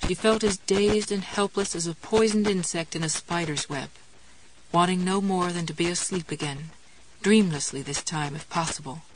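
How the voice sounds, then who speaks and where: A woman narrating a novel aloud in a measured, calm storytelling manner. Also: on the low side, slight background noise, rough recording. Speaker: audiobook narrator.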